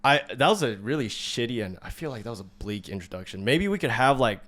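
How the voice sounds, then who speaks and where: A man's voice: mid-range voice, animated, fast talker, fairly bright tone. A man hosting a podcast in casual chat, loose and laughing, swearing now and then. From Walnut, California. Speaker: podcast host.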